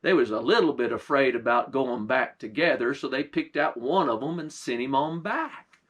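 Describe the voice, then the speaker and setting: A man, a pastor, telling a folk tale in folksy, unhurried storytelling with dialect words, then closing with a short sermon. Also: medium pitch, animated, fairly bright tone, husky.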